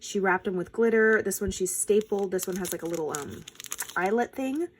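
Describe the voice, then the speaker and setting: A woman hosting a casual crafting unboxing, excited and gushing, with frequent fillers. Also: medium pitch, normal speed, slight background noise. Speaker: crafting channel host.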